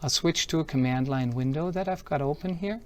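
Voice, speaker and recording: This man's voice is fairly high and his pace a little fast as he demos a product at a tech conference. He sounds upbeat and explains each step as he goes.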